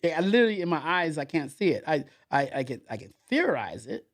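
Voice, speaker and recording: A man's voice: a little high, sing-song, fairly quick. A man being interviewed as a podcast guest, telling a story in a rambling way, with many repeated fillers and restarts.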